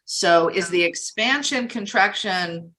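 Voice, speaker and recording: A woman co-hosting a casual chat, telling stories in a lively, animated way. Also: medium pitch, slow pace. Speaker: co-founder and co-host.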